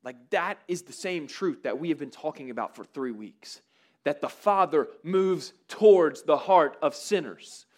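A man's voice: a little high, expressive, a little slow, darkish tone. A man preaching a sermon to students in a conversational way, with frequent fillers and repeated words. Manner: conversational, many fillers and restarts.

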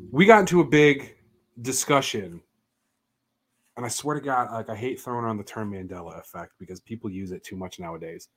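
A man co-hosting a podcast, telling stories in a casual, animated and profane way. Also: medium pitch. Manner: animated, profane, emphatic storytelling. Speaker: podcast co-host. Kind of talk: casual chat.

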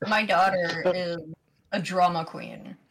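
A man co-hosting a casual podcast chat, telling a story in a measured, wry way. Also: high-pitched, steady tone, a bit bright, a little hiss or hum, rough recording. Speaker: podcast co-host.

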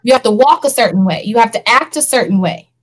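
High-voiced earnest woman co-host. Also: fast, poor audio. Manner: earnest, animated, laughs often. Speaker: podcast co-host. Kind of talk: casual panel discussion.

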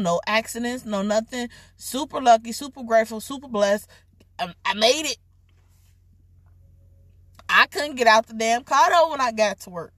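A young adult woman vlogger telling a casual story in an animated, overly dramatic way. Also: a little high, no echo, clean studio sound. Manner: self-described overly dramatic, animated retelling.

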